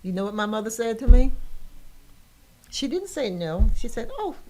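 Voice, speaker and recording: A woman's voice: on the high side, moderate pace, warm tone, a little hiss or hum. An older woman hosting a podcast, telling a personal story with emotion and laughter. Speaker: podcast host.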